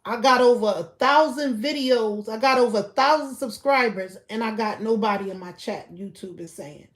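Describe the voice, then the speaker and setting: Woman ranting on a livestream, AAVE, kinda high voice, keeps going loud then mumbly. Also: normal speed. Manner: ranting, keeps asking "you feel me", swings between loud outbursts and low mutters. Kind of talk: casual livestream rant.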